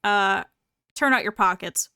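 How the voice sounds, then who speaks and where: A woman voicing an irritable man in charge who is gruff, exasperated and cornered. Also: mid-range voice, a little slow, sharp tone, no echo, clean studio sound. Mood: resigned. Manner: gruff, exasperated, turns panicky.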